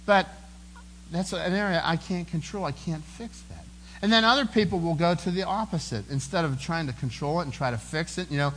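Earnest preaching man, slightly high voice. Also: fairly quick, fairly bright tone, slight background noise, low-quality recording. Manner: earnest, conversational preaching with fillers and repeats. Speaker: pastor. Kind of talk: sermon.

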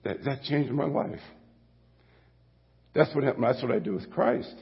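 A man's voice: medium pitch, normal speed, long pauses, slightly rough. An older man preaching a sermon as pastor, folksy and rambling, often correcting himself mid-sentence. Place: church sanctuary. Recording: dull long-reverb church sound.

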